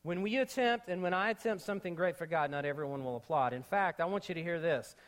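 A high-voiced man preaching an energetic sermon. He jokes with the congregation in casual slang. He sinks to a hushed, earnest tone when he drives a point home. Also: fast talker. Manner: energetic, joking, with slangy asides. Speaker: pastor.

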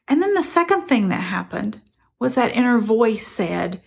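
Middle-aged woman, gravelly tone, reflective storyteller sharing a lesson. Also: fairly high pitch, big pitch swings, normal speed. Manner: earnest, reflective, conversational. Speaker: motivational speaker. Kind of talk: personal storytelling.

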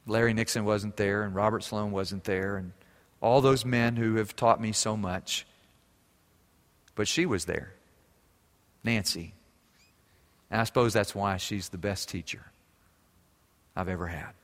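A middle-aged man preaching a sermon as pastor, telling stories with lively humor and ending in prayer. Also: on the low side, unhurried, long pauses, big-room sound. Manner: storytelling, lively, warm humor.

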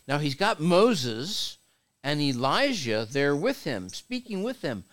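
Male bishop, sermon delivery, unhurried with lively call-and-response. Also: on the high side. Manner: slow, animated preaching with call-and-response. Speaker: bishop preaching.

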